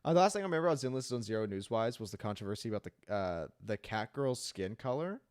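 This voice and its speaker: A man's voice: on the low side, expressive, quick pace, darkish tone, clean tone. A young man chatting casually on a live stream as he edits his video, laughing often, swearing and teasing himself when he slips up. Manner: laughs often, swears, flustered and self-mocking.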